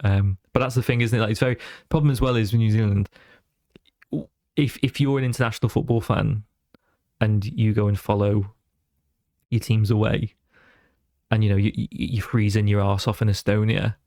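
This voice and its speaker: Male podcast guest, animated storyteller, dry close mic. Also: on the low side, moderate pace, no echo. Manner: animated storyteller who slips into voices. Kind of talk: casual chat.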